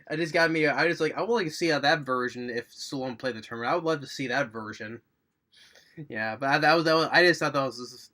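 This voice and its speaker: A man's voice: medium pitch, pushed and bright. A man giving a casual, rambling movie review, recapping scenes with enthusiasm and little chuckles.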